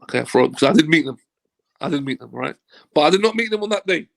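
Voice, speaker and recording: A man's voice: fairly high pitch, fast talker, creaky. A man, a football agent, telling a casual anecdote as an interview guest, acting out dialogue and swearing freely. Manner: animated storyteller who acts out quoted dialogue and swears freely.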